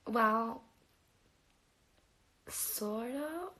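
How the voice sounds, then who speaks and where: A woman in her twenties hosts a casual livestream from her phone, giggling between answers to viewers. Her voice sits a little high and she talks at a slow, easy pace. Now and then she drops into soft whispered asides. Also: animated. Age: 20s. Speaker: livestream host. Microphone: phone camera.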